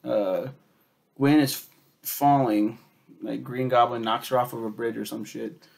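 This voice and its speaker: A man reviewing a superhero film in a loose, rambling way, swearing often and filling pauses with um and like. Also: mid-range voice, steady tone, gravelly, darkish tone. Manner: rambling, profane, lots of fillers and quoted asides.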